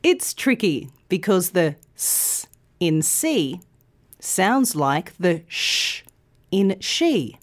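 A woman hosting a podcast, giving a clear, carefully articulated English pronunciation lesson. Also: mid-range voice, big pitch swings, slow pace. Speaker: language podcast host.

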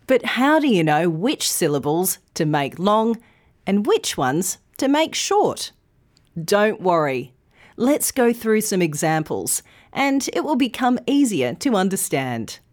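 A woman narrates a scripted English lesson at an unhurried pace. Her pitch moves a lot as she leans on each word, and she pronounces every syllable carefully and clearly. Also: big pitch swings. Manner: slow, clear, carefully enunciated teaching. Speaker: English teacher.

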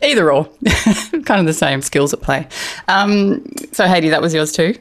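A woman's voice: low voice, moderate pace. A woman hosting a podcast, chatting casually and laughing often, a little emotional. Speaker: podcast host. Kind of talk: casual chat.

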